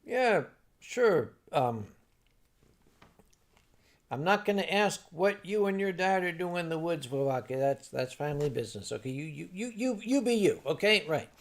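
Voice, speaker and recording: A man's voice: on the high side, expressive, moderate pace. An older man hosting a casual livestream, reading out viewer comments with rambling, wry remarks and many fillers and restarts. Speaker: livestream host.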